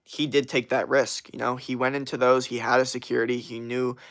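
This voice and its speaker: A man's voice: medium pitch, little pitch movement, fairly bright tone. Blunt, profane young man ranting. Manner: blunt, profane, talks fast in bursts and repeats himself. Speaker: livestream host answering chat. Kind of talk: casual unfiltered rant.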